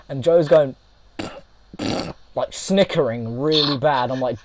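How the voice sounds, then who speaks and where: A young man casually telling a funny story to his viewers, animated and laughing, acting out what people said. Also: medium pitch, takes it slowly, long pauses, rough recording. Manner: animated, laughing, acts out quotes. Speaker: vlogger.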